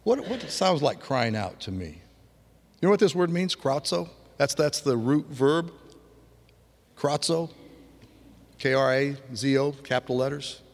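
This pastor, who grew up on a farm, has a mid-range voice with lively intonation and speaks at normal speed. He preaches his sermon loosely and conversationally, often restarting and vividly imitating sounds, with long hall reverb on the recording.

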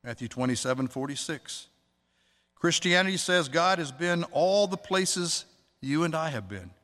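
A man preaching a sermon, earnest, slowing down to stress words and quoting scripture. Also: on the high side, animated, fairly bright tone. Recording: long hall reverb.

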